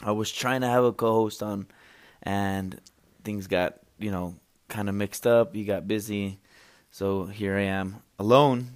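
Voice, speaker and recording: A man's voice: fairly low pitch, steady tone, unhurried. A young man hosting a solo podcast, rambling and joking with lots of fillers and restarts. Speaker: podcast host. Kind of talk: solo casual chat. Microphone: podcast microphone.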